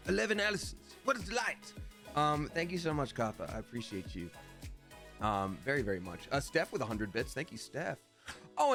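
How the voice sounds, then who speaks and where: Upbeat, lively-pitched male streamer. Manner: upbeat, chatty, thanking viewers one by one. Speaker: Twitch streamer and voice actor. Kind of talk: casual live-stream chat.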